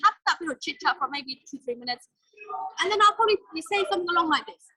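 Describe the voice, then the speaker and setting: A woman giving a motivational sales training talk, energetic and direct in a coaching tone. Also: very high-pitched, quick pace, no echo, rough recording.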